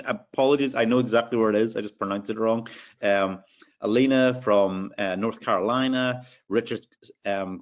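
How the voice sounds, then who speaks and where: A man's voice: on the low side, dull audio. A man with an Irish accent hosting a live sales webinar, upbeat as he reads out attendees' names. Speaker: webinar host.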